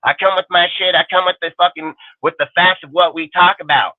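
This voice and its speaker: A man's voice: high voice, steady tone, fairly quick, no room sound. A man hosting a fan livestream, ranting in an angry, profane and defiant way. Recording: dry, phone-like narrow sound.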